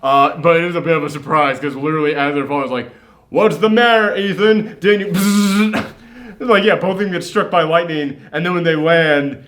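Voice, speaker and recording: A man's voice: on the high side, fast talker. A man co-hosting a movie review show, talking casually and with strong opinions, often acting out lines from the film. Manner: lively, opinionated, acts out quoted lines.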